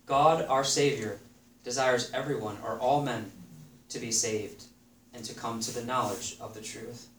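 A man's voice: mid-range voice, steady tone, unhurried, fairly bright tone. A man preaching a sermon in an earnest way, repeating phrases for emphasis and reading scripture aloud. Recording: echoey room, voice somewhat far from the mic, faint background noise.

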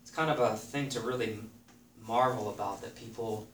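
A man with a mid-range, slightly bright voice preaches earnestly at normal speed, repeating phrases for emphasis and reading scripture aloud. The room is echoey, he sits somewhat far from the mic, and faint background noise lingers.

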